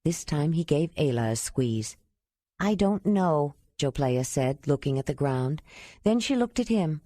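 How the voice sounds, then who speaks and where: A woman narrating an audiobook with a steady reading. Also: low voice, normal speed, no room sound.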